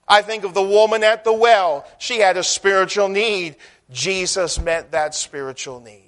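A man with a high, ringing voice preaches a sermon. He presses hard on key words, then falls soft and low, often repeating a phrase as he gathers force. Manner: emphatic preaching with swells and drops in loudness, repeating phrases.

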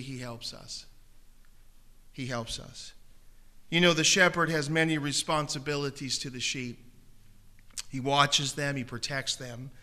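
A pastor delivers a sermon in a church auditorium, his voice very bright and slightly higher than most men's. He tells stories with gentle humor, then warmly pleads with listeners to raise a hand for prayer in an altar call.

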